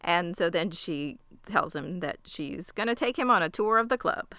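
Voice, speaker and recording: A woman casually retelling a TV episode to a co-host, quick and chatty, often laughing. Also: on the low side, lively intonation, bright, forceful tone, no echo, studio quality. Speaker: podcast co-host recapping a show. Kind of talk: casual chat recap.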